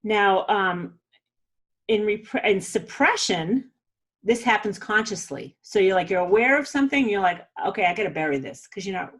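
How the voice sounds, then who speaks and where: A woman hosting a podcast, giving a casual, chatty spiritual talk with frequent laughs and fillers. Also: on the low side. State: a little weepy. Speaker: podcast host.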